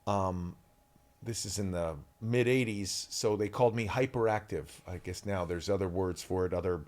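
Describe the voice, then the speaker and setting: A man in his fifties, an actor appearing as a podcast interview guest, tells stories animatedly with plenty of ums, acting out shouted quotes. His voice is low-pitched and he speaks at a normal speed.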